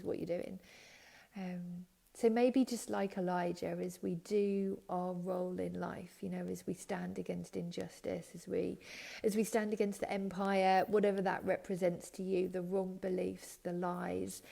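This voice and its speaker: A woman leading a chaplaincy team, giving an informal devotional talk in a gentle, chatty way that often drops to a soft whisper. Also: medium pitch, vocal fry.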